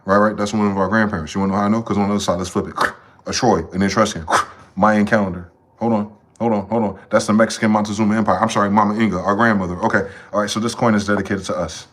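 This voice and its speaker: Low-voiced man ranting on a livestream. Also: steady tone. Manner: ranting and profane, with sudden high-pitched shouted outbursts; repeats words in rapid chains. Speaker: livestream host. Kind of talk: livestream monologue.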